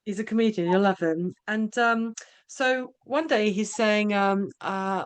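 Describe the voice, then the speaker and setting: Woman, podcast host, casual chat, halting, lots of restarts, tag questions. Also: mid-range voice, smooth. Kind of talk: casual conversational interview.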